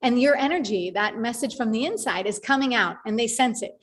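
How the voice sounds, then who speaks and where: A woman hosting a live online group call, talking in a chatty, animated way with many fillers and restarts. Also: on the high side, brisk. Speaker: call host.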